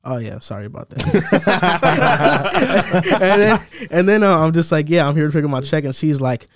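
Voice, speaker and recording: A young man in casual chat with friends, telling stories about old jobs in a relaxed way, saying "bro" a lot. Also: a little high, fast, crowd noise. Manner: relaxed storytelling, says "bro" often.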